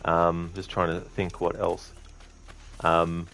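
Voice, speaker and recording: Deep-voiced rambling game streamer, man. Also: completely flat delivery, slow, creaky, a bit bright. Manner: rambling, lots of ums, chats with viewers. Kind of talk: casual live-stream gameplay chat.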